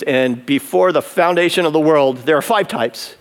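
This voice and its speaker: A man's voice: fairly high pitch, moderate pace, hardly any pauses. A man pastor preaching an emphatic sermon that builds in intensity, in a converted barn used as a church.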